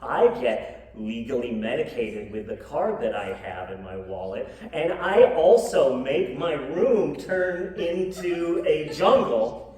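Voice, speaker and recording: A woman comedian doing a lively live storybook reading, with joking asides and coaxing the audience to join in. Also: extremely low pitch, slow. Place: live show venue with audience. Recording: echoey room, far mic, audience noise.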